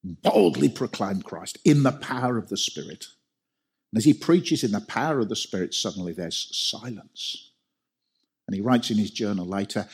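Husky-voiced male preacher. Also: on the low side, animated, normal speed. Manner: emphatic, with rhetorical questions and repetition. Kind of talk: sermon.

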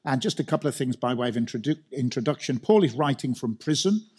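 A middle-aged man with a Birmingham accent delivers a sermon in a church hall. His voice is slightly husky, and he tells stories in a relaxed, conversational way, stumbling and restarting as he goes. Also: medium pitch, fast. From Birmingham, England. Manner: conversational, self-deprecating storytelling with frequent restarts. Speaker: preacher.

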